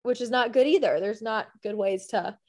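A woman's voice: on the high side, moderate pace. A young woman co-hosting a casual faith podcast, speaking candidly and poking fun at herself. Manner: candid, self-deprecating, quotes herself in voices. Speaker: podcast co-host.

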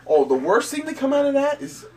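Podcast co-host, male, thirties, gravelly voice, rambling and crude in casual chat. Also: very high-pitched, sing-song, fairly quick, a crowd in the background.

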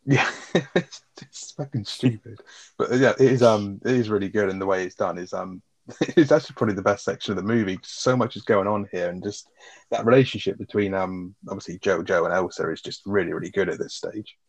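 A man's voice: lowish voice, fairly quick, husky. Laid-back man reviewing a film. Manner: laid-back, swears often, laughs easily. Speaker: film podcast co-host. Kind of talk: casual film review chat.

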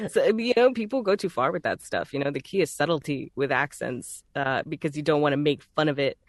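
A woman's voice: sits low, moderate pace, no room sound, clean studio sound. A woman from Texas with a Texan accent, a voice actor talking in a casual, chatty and easygoing way. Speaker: voice actor guest. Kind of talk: casual conversation.

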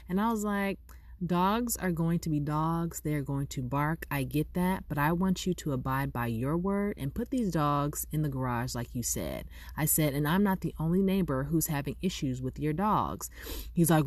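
A woman vlogger telling a personal story in a casual way, acting out both sides of the conversation with lively delivery. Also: sits low, moderate pace, no room sound, studio quality. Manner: animated, acts out both sides of a dialogue.

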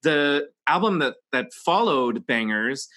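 A man's voice: a little high, expressive, takes it slowly, bright, forceful tone. A man co-hosting a casual chat show, gushing as a pop-music fan. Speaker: podcast co-host.

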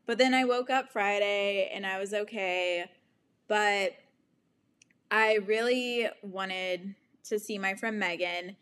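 A woman's voice: mid-range voice, slow pace, a bit bright, clear, resonant tone. A woman in her twenties hosting a casual solo podcast, candid and chatty, laughing often and swearing freely. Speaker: podcast host.

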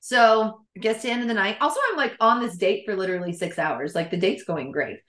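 A young woman telling a dating story to her co-hosts in casual chat, animated and laughing, swearing freely. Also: mid-range voice, fast, reverberant. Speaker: podcast co-host.

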